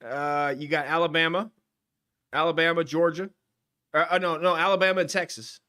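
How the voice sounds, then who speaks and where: A man's voice: on the high side, fairly even intonation, moderate pace, pushed and bright, smooth. A man co-hosting a comedy livestream, ranting crudely with mock outrage. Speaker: comedy podcast co-host.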